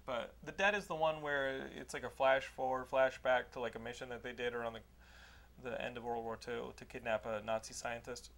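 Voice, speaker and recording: A man's voice: mid-range voice, steady tone, normal speed, creaky, a bit bright. A man hosting a casual podcast, telling a rambling, profane story with frequent laughter and restarts. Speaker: podcast host giving a movie recommendation.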